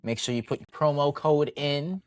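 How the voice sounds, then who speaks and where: A man's voice: a little high, moderate pace. A man co-hosting a podcast in casual banter, joking and stumbling over repeated words. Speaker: podcast co-host.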